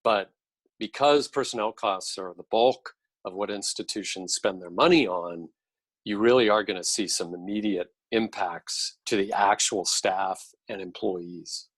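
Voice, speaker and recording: Measured, low-voiced man explaining policy. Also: a bit bright, slightly rough, no echo, poor audio. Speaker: podcast guest, policy expert. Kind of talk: podcast interview.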